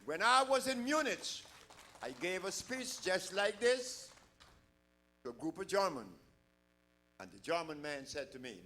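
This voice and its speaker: A man's voice: high voice, big pitch swings, a little slow, long pauses, pushed and bright. An older man giving an emphatic public lecture to a large live audience, full of rhetorical questions.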